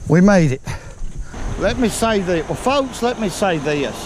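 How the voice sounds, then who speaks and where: Winded older man, slow folksy drawl. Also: sits high, expressive, background noise. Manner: folksy, chatty, talks straight to viewers. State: out of breath. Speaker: fishing vlogger. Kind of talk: casual outdoor vlog. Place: outdoors on a creek bank. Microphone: body-worn camera.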